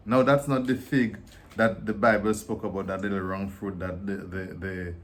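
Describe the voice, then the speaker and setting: A man with a Dominican accent, chatting casually as a guest, explaining at length and getting animated as he talks. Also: normal speed, a little hiss or hum. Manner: animated, explains at length, jumps high when he gets excited. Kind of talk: casual chat comparing dialects.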